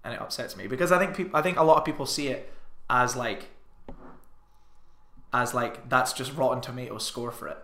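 A man co-hosting a podcast, arguing his views in an animated, opinionated way and swearing casually. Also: mid-range voice, fairly quick, echoey room. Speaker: podcast co-host. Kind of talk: casual chat.

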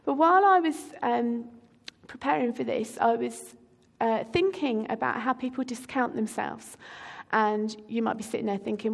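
A woman's voice: a little high, normal speed, vocal fry, big-room sound. A middle-aged woman preaching a sermon, telling a personal story in a conversational way with frequent ums. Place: church hall.

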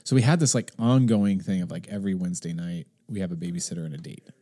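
A man in his thirties on a podcast, telling a story in casual chat and acting out the other people in high voices. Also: fast, mellow. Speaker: podcast co-host.

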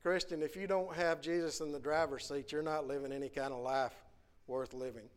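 A man's voice: a little high, fairly even intonation, a little fast. A man preaching a Sunday morning sermon in a church, earnestly putting question after question to the congregation. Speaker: guest preacher. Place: church sanctuary.

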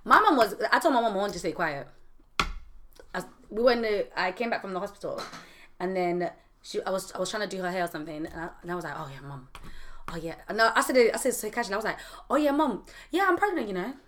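A young woman co-hosting a podcast, chatting in a lively, teasing way. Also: mid-range voice, very fast, slight background noise. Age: young adult. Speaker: podcast co-host. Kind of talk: casual chat.

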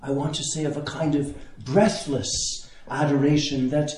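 A man preaching a sermon as a priest, in a slow, contemplative way with long pauses. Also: fairly high pitch, animated. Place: church. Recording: echoey church interior.

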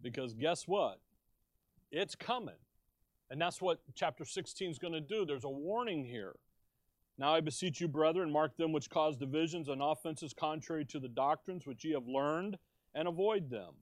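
Middle-aged guy preaching, high voice, dry close sound, slow and deliberate. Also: expressive, dry recording. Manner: slow, emphatic teaching with questions to the congregation; tells jokes with quoted voices. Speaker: pastor. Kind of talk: sermon.

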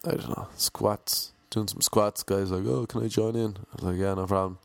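Deadpan monotone Irish man. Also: lowish voice, normal speed, vocal fry, no echo. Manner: monotone, deadpan, self-mocking. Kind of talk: rambling comic monologue.

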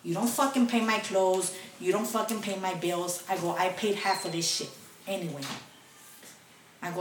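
A young woman with a fairly low voice, speaking at a moderate pace, tells friends a personal story, swearing often and switching between English and Spanish. The mic is distant, and the echoey room carries faint noise.

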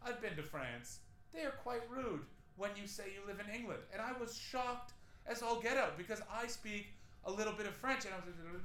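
A man's voice: sits high, lively intonation, fairly quick, bright, forceful tone, roomy sound, slight background noise, rough recording. A man in his thirties doing a stand-up set on a club stage, telling rambling, self-deprecating stories with crude asides. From Canada. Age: 30s. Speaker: stand-up comedian.

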